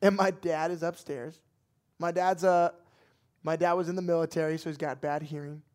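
Young pastor guy, fairly high voice, telling a dramatic story in his sermon. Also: little pitch movement, normal speed, a little mellow.

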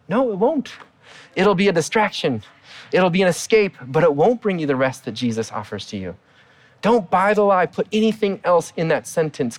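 A middle-aged male pastor delivers a sermon in an earnest, emphatic way. His voice sits a little high for a man, and he pushes it up and drops it low to stress his points. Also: big pitch swings, moderate pace.

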